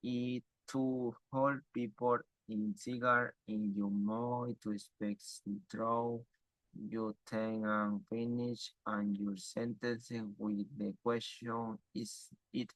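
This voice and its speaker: A man reading a text aloud for an exam, in a halting, stumbling way with restarts. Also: medium pitch, little pitch movement, fairly bright tone, no room sound, poor audio.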